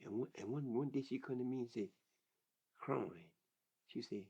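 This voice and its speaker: An older man recounts his own story in an interview, his voice gravelly and mellow. He speaks plainly and vividly and often circles back over his words. The recording sounds dull and lo-fi. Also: mid-range voice, normal speed. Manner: plain-spoken, vivid testimony with repeated words.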